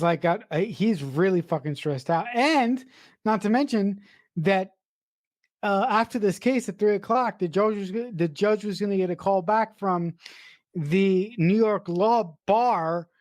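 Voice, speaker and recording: An enthusiastic co-host talks through a film on a podcast, circling back over words as ideas form. The voice sits mid-pitch and the mic is close and dry. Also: darkish tone, no echo. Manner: enthusiastic, repeats words while thinking, swears casually. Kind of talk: casual film discussion.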